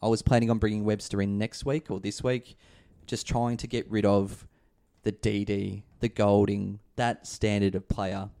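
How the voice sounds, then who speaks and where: Low-voiced man hosting casual chat. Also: flat delivery, moderate pace, vocal fry, hardly any pauses, mellow. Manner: chatty, leads the discussion, jokey asides. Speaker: podcast host. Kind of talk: casual fantasy sports chat.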